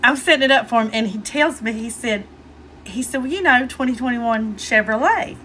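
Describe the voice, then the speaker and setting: Bright, giggly Southern woman telling a story. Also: on the high side, moderate pace, a little hiss or hum. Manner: chatty, giggly, fighting back laughter. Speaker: vlogger. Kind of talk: casual storytelling to camera.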